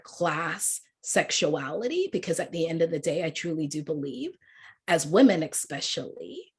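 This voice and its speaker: A woman with a mixed English, Canadian and Jamaican accent, giving an animated motivational talk on a video call. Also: on the low side, husky. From born in England, raised in Canada. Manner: warm, laughing, animated, quotes people in lively voices. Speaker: guest speaker, life coach.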